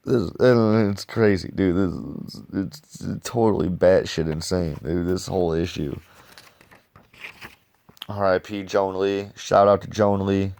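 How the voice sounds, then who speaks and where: A man casually reviewing comic books in a loose, slangy, excitable way. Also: sits low, a little slow, vocal fry.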